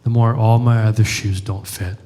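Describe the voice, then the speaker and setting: A man's voice: on the low side, flat delivery, normal speed, mellow. Joking, conversational male pastor. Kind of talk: sermon.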